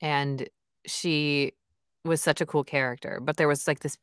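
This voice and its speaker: Woman audiobook narrator gushing in an interview, low pitched, dead dry mic, chatty. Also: steady tone, measured pace, a bit bright, clear, resonant tone, no echo. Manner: chatty and enthusiastic, many "like" and "you know" fillers. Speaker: audiobook narrator and author, guest. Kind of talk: casual interview chat.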